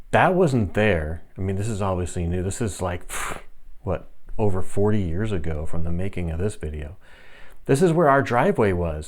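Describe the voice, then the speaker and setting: Guy in his 50s, lowish voice, telling an old story all lively, doing the sounds. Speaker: storyteller vlogger. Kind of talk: casual personal storytelling.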